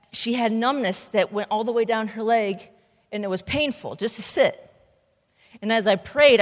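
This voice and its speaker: A young adult woman giving an energetic, emphatic sermon as a camp speaker. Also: on the high side. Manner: energetic, emphatic preaching with rising bursts. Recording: speech in a reverberant hall.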